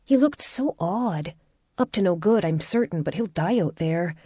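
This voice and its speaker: A woman's voice: lowish voice, lively intonation, normal speed, warm tone, husky, no echo. A woman voicing an anxious young woman stranger who is close to tears. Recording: dull lo-fi recording.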